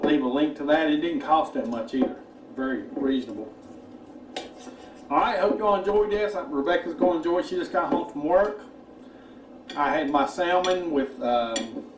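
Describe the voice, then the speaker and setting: Man hosting a home cooking show, folksy and chatty, slightly high voice, roomy kitchen, mic set back, faint noise. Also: moderate pace, long pauses, far from the mic. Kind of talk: casual cooking chat.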